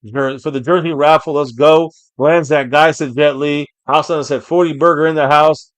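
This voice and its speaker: Excitable male fan streamer, dry sound. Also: a little high, moderate pace, no echo. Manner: excitable, erupts into shouting on big plays; reads viewer names and comments aloud. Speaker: fan streamer reacting to a live game. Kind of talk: live game reaction and chat reading.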